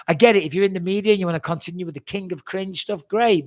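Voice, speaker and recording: A man's voice: high-pitched, fast, hardly any pauses. A man in his forties, answering fan questions in a blunt, rambling way and swearing freely. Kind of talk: casual fan Q&A.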